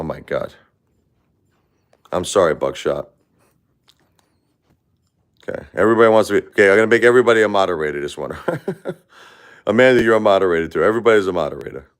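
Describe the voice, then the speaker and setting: A middle-aged man hosting a casual livestream, reading viewer comments aloud. He is grieving and upset, moving between quiet sympathy and loud, angry outbursts. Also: low voice, brisk, long pauses. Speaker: livestream host.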